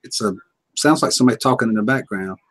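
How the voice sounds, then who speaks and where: A man's voice: on the low side, fast talker. A man joining a livestream, chatting in an easygoing, folksy way. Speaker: livestream participant. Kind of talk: casual chat.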